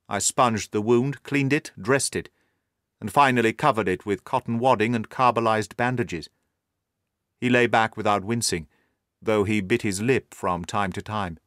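A man narrating a period story in a measured, formal storytelling manner. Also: fairly low pitch, fairly bright tone, no room sound, clean studio sound. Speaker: audiobook narrator.

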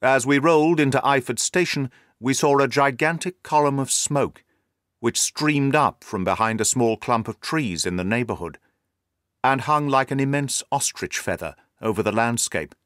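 A man narrating a story in a measured, scripted style. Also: mid-range voice, a bit bright, no room sound, studio quality.

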